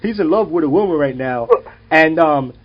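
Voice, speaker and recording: A man voicing a loud, mocking middle-aged man who heckles strangers on a bus. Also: lively intonation, normal speed, muffled recording. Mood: taunting. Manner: brash, taunting, high-pitched.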